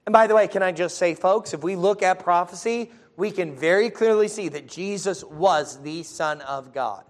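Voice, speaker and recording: A man preaching a sermon, reading scripture slowly and with emphasis, and often checking in with his listeners by asking "folks?" and "yes?". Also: high-pitched.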